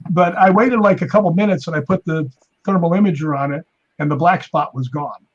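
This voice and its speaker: A podcast guest, who is both a stuntman and a paranormal investigator, talks a little fast in a muffled recording. His storytelling is casual and animated, and he raises his pitch whenever he acts out what someone said.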